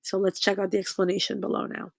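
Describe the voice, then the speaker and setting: A woman's voice: medium pitch, level tone, fast talker, gravelly, no echo. A woman teacher giving a recorded lesson to her students, explaining patiently, with frequent fillers and "okay?" check-ins.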